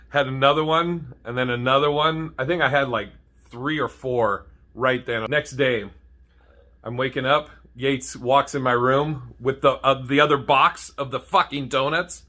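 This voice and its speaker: Bright-voiced cursing comedian. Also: male voice, medium pitch, fairly even intonation, takes it slowly. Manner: profane, laughs at own jokes. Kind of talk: comedic storytelling to camera.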